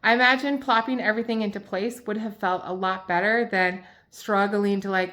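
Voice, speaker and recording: A woman who owns a small business, chatting to camera in a lively, emphatic, exasperated way as she shares advice from her mistakes. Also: mid-range voice, normal speed. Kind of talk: casual advice vlog.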